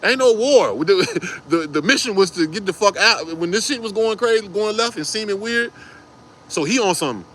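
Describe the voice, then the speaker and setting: A man's voice: high-pitched, animated, normal speed, a bit bright, slight background noise. A man telling a wild personal story in casual street slang, cursing freely and acting out other people's voices.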